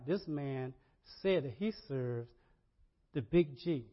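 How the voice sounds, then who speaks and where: A man preaching a sermon, animated, repeating words and rising to loud emphasis. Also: fairly high pitch, measured pace. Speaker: pastor. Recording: dull lo-fi sermon audio.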